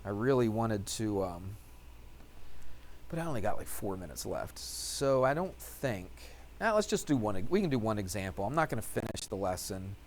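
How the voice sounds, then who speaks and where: A man's voice: fairly low pitch, sing-song, normal speed, slight background noise. A male math teacher talking through algebra steps, asking questions and answering them himself as he writes. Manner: talks while writing out steps. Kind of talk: classroom lecture.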